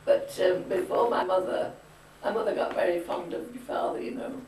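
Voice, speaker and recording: A woman's voice: fairly low pitch, normal speed, a little mellow, slight background noise. An elderly grandmother telling family stories in a chatty, opinionated way. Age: older. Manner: chatty storyteller, firm opinions. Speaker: grandmother being interviewed. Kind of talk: reminiscing casual chat. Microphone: camcorder mic. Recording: echoey room, far from camcorder mic.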